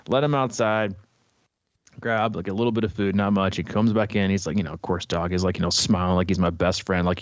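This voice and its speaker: A man's voice: fairly low pitch, no room sound, lo-fi sound. A man co-hosting a podcast, rambling candidly through everyday stories and swearing now and then. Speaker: podcast co-host. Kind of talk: casual podcast chat.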